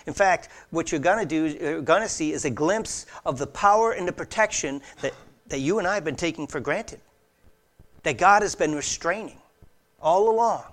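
A male pastor delivers an expository sermon in a slightly high voice with lively intonation at a moderate pace. He's earnest and emphatic, getting loud on key phrases and dropping to hushed asides, with a casual, conversational edge and the occasional restart.

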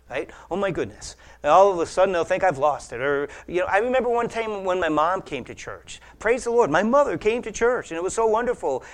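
A man preaching a sermon, animated, acting out imagined voices and swinging from hushed asides to loud emphasis. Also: sits high. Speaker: pastor.

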